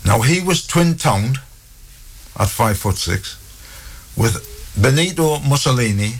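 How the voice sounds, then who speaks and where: A man's voice: medium pitch, takes it slowly. A man, a radio guest telling anecdotes and acting out the voices of the people in them. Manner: animated, acts out voices in stories. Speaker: guest storyteller.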